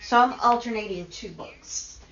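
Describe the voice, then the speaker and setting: A middle-aged woman hosting a casual live stream, chatty and quick to laugh as she talks to her chat. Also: fairly high pitch, a bit bright. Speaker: livestream host. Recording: dull lo-fi stream audio.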